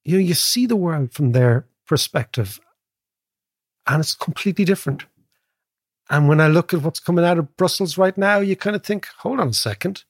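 An Irish man with a slightly husky, fairly high voice chats on a podcast. He talks in quick bursts and checks in with "right?" all the time. The sound is dry and close. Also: no room sound. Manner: animated, quick storyteller, keeps asking "right?". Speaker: podcast co-host, economist. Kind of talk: casual chat.

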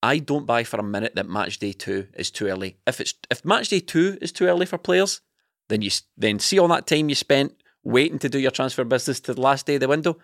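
A man's voice: mid-range voice, expressive, fairly quick, fairly bright tone, dry recording, studio quality. A man, a podcast co-host, talking football in a heated, opinionated way. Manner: passionate, ranting opinions. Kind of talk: casual football chat.

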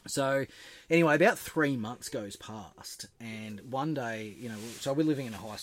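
A man's voice: medium pitch, moderate pace. An Australian man telling a long story on a podcast in casual chat, swearing a lot and acting out the other people's lines. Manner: animated anecdote-telling, heavy swearing, acts out the voices of others. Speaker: podcast guest.

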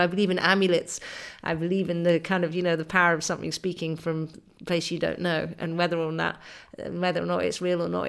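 A woman's voice: on the low side, creaky. A middle-aged woman, an author and interview guest, telling a travel story vividly and with enthusiasm, with many fillers and restarts. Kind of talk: conversational storytelling.

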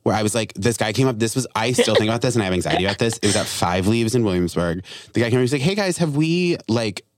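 Fast-talking young man hosting a podcast. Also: fairly low pitch, no room sound, clean studio sound. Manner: animated storytelling, acts out quoted voices. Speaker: podcast host. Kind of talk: casual comedy podcast chat.

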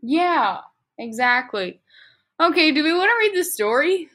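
A young woman with a high, bright voice co-hosts a casual podcast. She reads fan fiction aloud in a playful, mock-dramatic way and swears freely as she jokes with her friends. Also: animated, a little slow.

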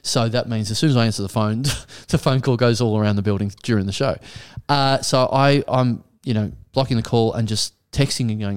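A middle-aged comedian telling a story in casual podcast chat, animated and exasperated as he acts out his own replies. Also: mid-range voice, brisk, hardly any pauses, clean tone. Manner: exasperated, animated retelling with acted-out quotes. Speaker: comedian and guest.

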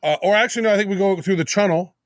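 Man, fairly high voice, teasing, rambling, podcast guest, dry sound. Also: rapid-fire, no echo. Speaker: podcast co-host. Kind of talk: casual interview chat.

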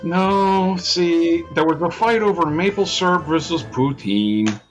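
A man's voice: over music, close to an everyday voice. A man playing a cryptic, teasing stranger in his early thirties who treats time as a strange soup. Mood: musing. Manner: slow, lofty, teasing, with swooping pitch. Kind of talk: tabletop role-play in character.

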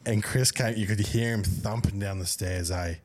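A man's voice: on the low side, steady tone, normal speed, no room sound. A young man co-hosting a podcast, telling a laughing, swearing anecdote in casual chat. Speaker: podcast co-host.

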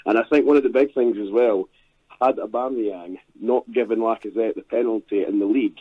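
A man's voice: on the low side, a little fast, husky, dry recording. A man calling into a football show, talking casually and hesitantly about goals. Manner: hesitant, restarts. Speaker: caller. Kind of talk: casual phone-in chat. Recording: tinny phone line.

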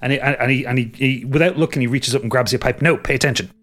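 A man runs a tabletop game as game master, narrating what the characters do. He stumbles and restarts his sentences often and fills gaps with "kind of". His voice has an ordinary pitch. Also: steady tone, fast talker, a bit bright. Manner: restarts sentences, many fillers.

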